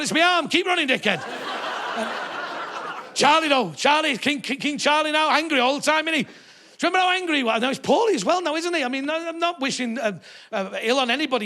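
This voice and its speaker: High, lively comic on stage. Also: male voice. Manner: sweary, animated, mocking. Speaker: stand-up comedian. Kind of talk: live stand-up comedy. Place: theatre stage before a live audience.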